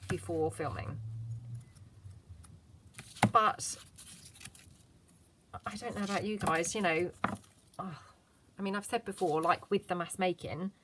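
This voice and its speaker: A woman's voice: lowish voice, slow pace, pauses often, background noise. A woman hosting a casual craft tutorial, chatting and muttering to herself as she works, cheerfully self-deprecating.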